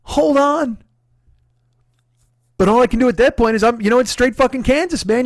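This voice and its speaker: A man hosting his own comedy show, telling a long story in a profane, animated, self-deprecating way. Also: extremely high pitch, moderate pace, long pauses, no room sound, studio quality. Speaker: comedian host. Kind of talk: comic storytelling monologue.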